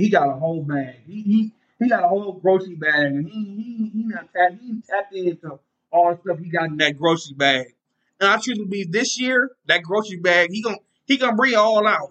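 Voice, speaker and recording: Male solo podcast host, bright and forceful, slightly high, rambling and self-joking. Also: rough recording. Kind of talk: casual solo sports talk.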